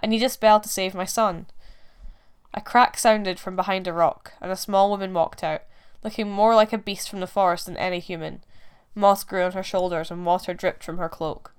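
A woman reading a folk tale aloud in a measured, expressive storytelling manner. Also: lowish voice, clear, resonant tone. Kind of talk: scripted narration.

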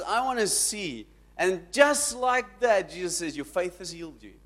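Male pastor, fairly high voice, sermon style with dramatic loud swells. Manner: dramatic, rising to shouts when quoting.

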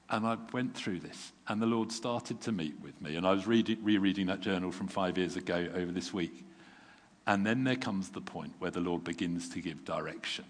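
A man with a low voice delivers a sermon in an easy, self-deprecating way, as if talking with friends. He sounds worn out but steady. A long hall reverb trails his words. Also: moderate pace. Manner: conversational, self-deprecating, with chuckles and restarts. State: tired. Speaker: preacher.

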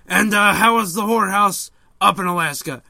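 A man doing an impression of an older male call-in radio host, slow and drawling, handing out random advice. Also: high-pitched, creaky, bright, forceful tone, dry recording, heavily acted. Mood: droning. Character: older male talk-show host, rambling. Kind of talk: comedic impression sketch.

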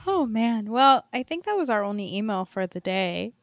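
A woman co-hosts a podcast, gushing with excitement in loose chat. Her voice sits a little high. The recording is close and dry. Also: moderate pace, no echo. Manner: enthusiastic, gushing. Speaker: podcast co-host. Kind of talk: casual chat.

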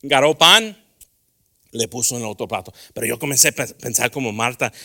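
Animated middle-aged pastor preaching. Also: male voice, medium pitch, fast, vocal fry. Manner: animated, switches between English and Spanish, acts out dialogue. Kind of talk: bilingual sermon. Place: church sanctuary.

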